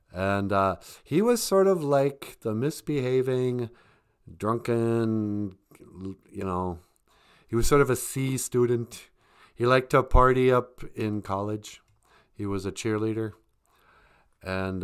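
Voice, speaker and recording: Slow, joking man on a livestream. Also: mid-range voice, expressive, clear, resonant tone. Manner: joking, laughs often. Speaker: livestream host and comic author. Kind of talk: casual livestream chat.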